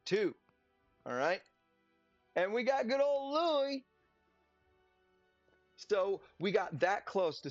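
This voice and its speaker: A fairly high-pitched man provides relaxed, talkative commentary while streaming a game, full of sarcasm and silly put-on voices. There's no echo, but the lo-fi sound is dull and faint music plays behind him.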